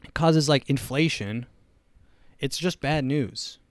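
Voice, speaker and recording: A young man with a mid-range voice hosts a comedy podcast, speaking slowly in a dry recording. In a casual monologue, he rambles through opinionated, sarcastic riffs.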